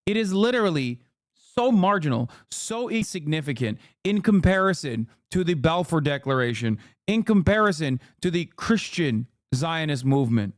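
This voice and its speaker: Profane, animated male streamer. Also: a little high, moderate pace, dry recording, studio quality. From United States. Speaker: streamer and political commentator. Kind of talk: livestream reaction commentary.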